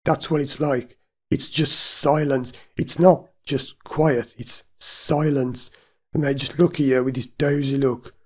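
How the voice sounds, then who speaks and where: A man's voice: medium pitch, fairly even intonation, slow pace, a little mellow, husky. A man, a driving instructor giving blunt, emphatic advice straight to camera.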